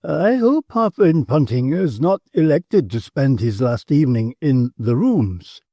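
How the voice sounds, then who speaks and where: A man's voice: medium pitch, lively intonation, a little slow, warm tone, no room sound, studio quality, pitched above the performer's own voice. A man voicing a terse, uneasy aristocratic count in an audiobook. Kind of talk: audiobook character voice.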